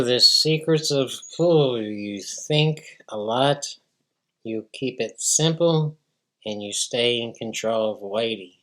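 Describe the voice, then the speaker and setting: A man's voice: mid-range voice, rough recording. A middle-aged man teaching pool in casual narration, plainspoken and joking. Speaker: pool instructor.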